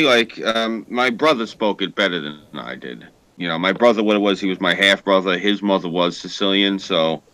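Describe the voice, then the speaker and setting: A man's voice: sits low, pushed and bright, no room sound. A man with a New York accent chatting casually, rambling with lots of fillers and swearing. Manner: rambling, profane, hesitant. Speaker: podcast co-host. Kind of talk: casual chat.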